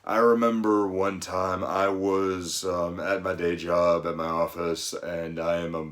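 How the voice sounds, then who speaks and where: A man's voice: low voice, flat delivery, a little slow, fairly bright tone. A middle-aged man, a fitness coach, giving an earnest, rambling motivational monologue full of "you know" asides.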